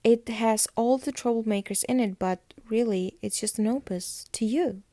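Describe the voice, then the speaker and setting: Chatty woman with a dark, gravelly voice. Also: on the high side, normal speed, no echo, studio quality. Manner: chatty, filler-heavy retelling with quoted dialogue. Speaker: podcast host. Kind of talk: casual episode recap.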